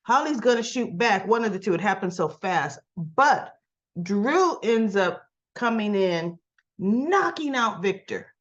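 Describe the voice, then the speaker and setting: A woman casually recapping a soap opera episode for her vlog, excitable and gushing, and she acts out the characters' lines. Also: medium pitch, unhurried, lo-fi sound.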